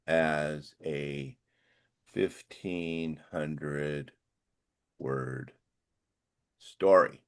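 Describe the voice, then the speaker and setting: An older man co-hosting a casual chat, rambling and reading text aloud in halting bits. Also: very deep voice. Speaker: podcast co-host.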